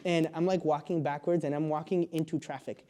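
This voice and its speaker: Slightly high and steady, his voice has a warm tone and a brisk delivery. As a podcast guest, the young man spins a long casual story, rambling with plenty of fillers and laughing often.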